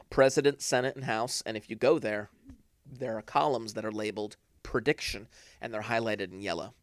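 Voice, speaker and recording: A man talks his way through election results on a casual live stream. His voice sits at an ordinary middle pitch, and his delivery is chatty and self-deprecating. He often trips over and restarts his sentences while he looks things up. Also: no echo. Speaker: host of live election coverage.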